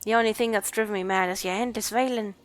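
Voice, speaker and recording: A woman voicing a gruff, bold warrior woman from a game who scolds bluntly and swaggers. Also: medium pitch, steady tone, fast talker, faint music behind, natural voice. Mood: scornful. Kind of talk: reading game dialogue aloud.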